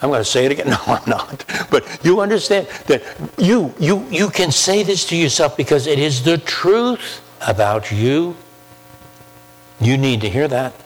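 A man preaching a sermon, emphatic, with slow drawn-out pauses and repeated key phrases. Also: a little high, expressive. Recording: long hall reverb with faint mains hum.

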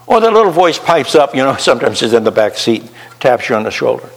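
A pastor whose voice sits on the high side, with vocal fry, preaches slowly in a large hall. He questions the listeners rhetorically and gives voice to the conscience within.

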